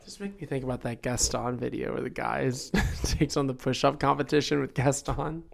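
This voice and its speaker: A man telling a story on a casual podcast, animated and laughing. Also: medium pitch, brisk, vocal fry.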